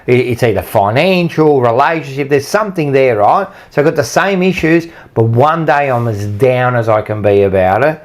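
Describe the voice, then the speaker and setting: Male co-host, mid-pitched, rambling casual chat. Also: animated, normal speed, hardly any pauses. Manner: rambling, frequent "you know what I mean". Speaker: podcast co-host.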